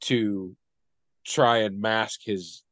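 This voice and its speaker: A man's voice: lowish voice, steady tone, drawn-out words, fairly bright tone, dry recording. A man co-hosting a casual discussion, thoughtful and hesitant, often trailing off.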